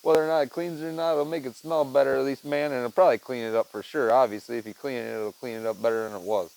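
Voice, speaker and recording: A fast-talking man with a creaky, slightly mellow, medium-pitched voice keeps a steady tone while hosting a casual podcast alone. Sounding tired, he rambles easily, swears, and drops "man" and "dude" everywhere, all through a headset mic on a low-quality recording.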